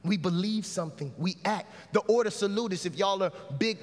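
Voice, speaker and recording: A man with a high voice preaches a sermon in a relaxed, conversational way. He rises into shouts and calls out to the congregation for a witness. The sound has a long reverb from a large church hall. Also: a little fast. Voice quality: casual, conversational phrasing. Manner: lively preaching with call-and-response and shouts. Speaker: pastor.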